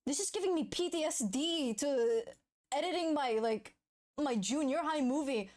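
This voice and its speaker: A woman streamer chatting casually on a live stream, excitable, laughing a lot and swearing. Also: high-pitched, normal speed.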